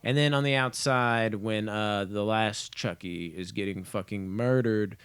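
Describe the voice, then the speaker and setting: A man's voice: fairly low pitch, a little slow, fairly bright tone, clean tone, dry recording. A young man giving a casual spoken review of a TV episode, rambling and offhand, with frequent swearing. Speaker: movie and TV reviewer.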